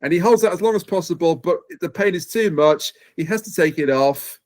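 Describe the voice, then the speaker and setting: A man's voice: on the high side, brisk, a little mellow. A man hosting a podcast, eagerly recapping a plot in casual chat. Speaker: podcast host.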